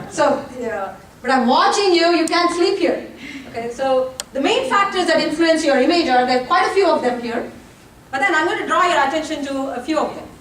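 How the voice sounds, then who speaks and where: Woman, lecturer, high voice, joking asides to the audience, echoey room. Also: lively intonation, normal speed, fairly bright tone. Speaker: college lecturer giving a workshop talk. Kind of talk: lively presentation talk. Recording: roomy, distant, faint background noise.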